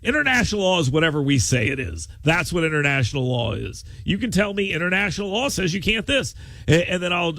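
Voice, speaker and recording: A brash talk radio host with a high, gravelly voice. He rambles and jokes in casual banter. The studio sound is dry and close. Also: fairly bright tone, dry recording. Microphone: studio microphone.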